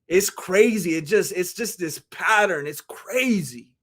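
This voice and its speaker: A man hosting a livestream, chatting casually and reacting to chat in an animated, rambling way. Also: high voice, a little slow. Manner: animated, rambling, jumps into voices. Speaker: livestream host.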